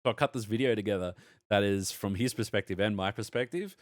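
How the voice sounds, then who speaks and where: A man's voice: fairly low pitch, fast, dry recording, clean studio sound. Swearing Australian man telling stories. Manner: rambling anecdote, heavy swearing, animated retelling. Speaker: podcast co-host. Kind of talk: casual chat, storytelling.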